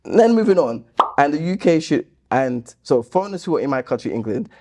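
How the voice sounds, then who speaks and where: A YouTube host with a fairly high, warm voice and big pitch swings speaks briskly into his laptop camera mic. Reading viewer comments casually, he's chatty and reasons through them, growing indignant as he rebuts.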